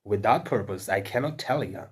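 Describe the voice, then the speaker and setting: A man's voice: on the low side, animated, moderate pace, husky. A man with an Indian accent giving earnest, repetitive spoken advice to English learners, with frequent fillers and restarts.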